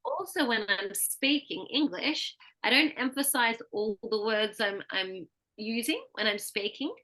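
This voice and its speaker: Australian female pronunciation coach; bright, slightly high voice; patient, models each word clearly. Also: expressive, measured pace. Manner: explains patiently, models words for repetition. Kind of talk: one-on-one pronunciation lesson.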